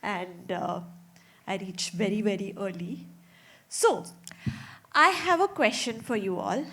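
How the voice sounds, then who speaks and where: A woman's voice: medium pitch, slow pace, a bit bright. A woman telling a story to young children in a small theater, chatty and asking them lots of questions.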